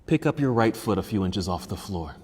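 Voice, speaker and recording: Low-voiced man leading a yoga class. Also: fairly quick, long reverb tail, a little hiss or hum. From United States. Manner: calm cueing of poses and breaths. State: a little out of breath. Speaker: yoga teacher. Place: yoga studio.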